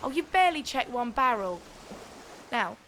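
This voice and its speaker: A woman's voice: fairly high pitch, sing-song, normal speed, a bit bright, a little hiss or hum. An actress playing a sarcastic, scheming female pirate captain. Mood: exasperated. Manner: sarcastic, coaxing and bossy. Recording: game audio with faint music behind.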